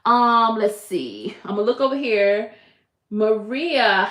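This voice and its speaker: High bright-voiced woman crochet streamer. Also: big pitch swings, slow. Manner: chatty, greets viewers by name. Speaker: crochet livestream host. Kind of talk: casual live-stream chat. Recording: echoey room.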